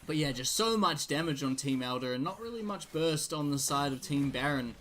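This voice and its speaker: A man casting a live esports match play-by-play, his excitement climbing in big fights, with jokey asides between plays. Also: on the high side, a little fast, a little hiss or hum. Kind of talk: live game commentary.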